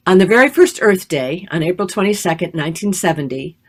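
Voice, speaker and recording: Low-voiced woman hosting a live stream. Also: lively intonation, brisk. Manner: warm, upbeat, many ums and uhs. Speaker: host. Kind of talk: online live show hosting.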